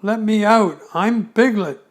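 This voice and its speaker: A man voicing a small, timid, anxious male piglet in a bedtime storybook reading, with a squeaky voice. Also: slow, soft background music. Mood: panicked.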